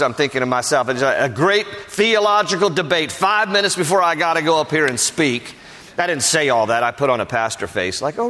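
In a large, echoing hall, a male pastor delivers a sermon full of stories, performing the voices of those he quotes. His fairly high, bright voice has a forceful edge, with a little hiss or hum in the recording.

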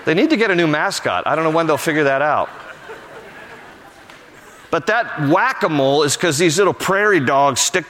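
A man's voice: on the high side, bright, forceful tone, a little hiss or hum. An older man preaching a sermon as pastor, telling stories animatedly and building to emphatic exhortations. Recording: long hall reverb.

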